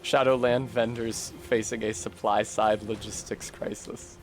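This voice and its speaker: A man with a New England accent streaming a game, joking sarcastically, swearing and sometimes shouting in frustration. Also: fairly low pitch, little pitch movement, unhurried. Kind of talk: casual gameplay commentary.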